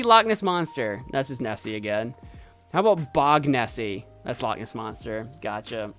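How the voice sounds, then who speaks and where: A man streaming a game, chatting playfully and excitedly as he thinks aloud. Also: mid-range voice, moderate pace, soft background music. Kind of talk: casual gameplay commentary.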